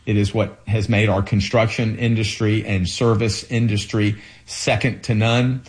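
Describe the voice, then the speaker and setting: Low-voiced earnest male candidate. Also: level tone. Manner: earnest, halting with frequent fillers. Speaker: political candidate. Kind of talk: interview answers.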